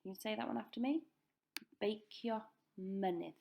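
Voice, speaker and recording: Gravelly woman teaching vocabulary. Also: medium pitch, mellow. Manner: slow, careful pronunciation drills. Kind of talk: recorded classroom lesson. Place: school.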